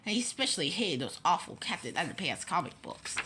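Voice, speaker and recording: A woman reading a children's book aloud with expressive storytelling and small stumbles. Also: on the low side, fairly quick, few pauses, a little hiss or hum. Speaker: reader.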